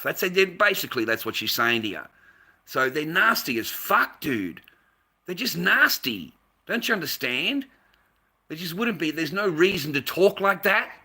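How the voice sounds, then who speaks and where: Speaking in a sharp, mid-range voice, this Australian volunteer delivers a casual, furious rant to the camera. He swears his way through the story of how he was mistreated in a workplace dispute, going over the same complaints again and again.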